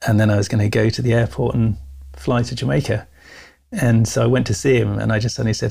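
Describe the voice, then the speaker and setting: A man, a guest telling his life story in a casual interview, animated, acting out the people in it. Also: mid-range voice, fast talker, gravelly. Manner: animated, laughs often, acts out quoted voices.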